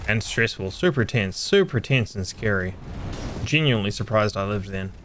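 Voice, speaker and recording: A man's voice: lowish voice, animated, moderate pace, fairly bright tone, slight background noise. A young man chatting casually with friends while playing a video game, joking, teasing and swearing freely. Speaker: gamer streaming with friends. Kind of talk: casual gameplay chat.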